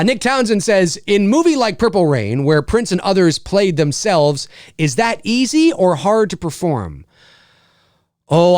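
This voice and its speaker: A man's voice: sits high, dry recording, studio quality. A middle-aged man hosting a casual live stream, reading viewer comments aloud and joking back at them. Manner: animated, reads chat aloud and jokes back.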